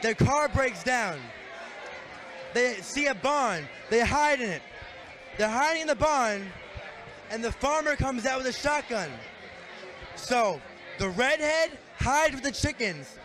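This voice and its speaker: A man's voice: very high-pitched, expressive, slow, long pauses. A man telling a joke to the camera outdoors and acting out the voices and animal noises with gusto. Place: outdoors in a city street. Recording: crowd noise in the street.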